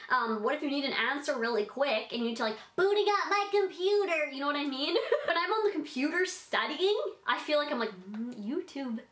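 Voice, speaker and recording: A woman's voice: sits high, expressive, brisk, a bit bright, reverberant. A young adult woman answering fan questions in a bubbly, rambling vlog chat, full of "like". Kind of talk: casual Q&A vlog.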